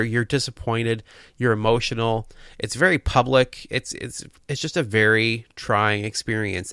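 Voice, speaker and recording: A man's voice: mid-range voice, a bit bright, no echo, clean studio sound. A man co-hosting a casual podcast, talking earnestly and with enthusiasm in bursts, with restarts. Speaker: podcast co-host.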